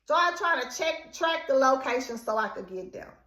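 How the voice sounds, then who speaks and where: A young adult woman telling a casual story time, animated and dramatic as she acts out what was said. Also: high-pitched, moderate pace, roomy sound. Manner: animated, dramatic retelling with quoted outbursts.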